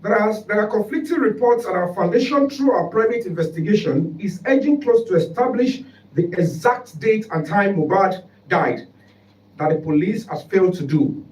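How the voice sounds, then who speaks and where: A man's voice: high voice, expressive, normal speed, a little mellow. A man with a Nigerian English accent, a human rights foundation spokesman giving an emphatic, formal press conference statement. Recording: roomy hall, distant mic, faint background noise.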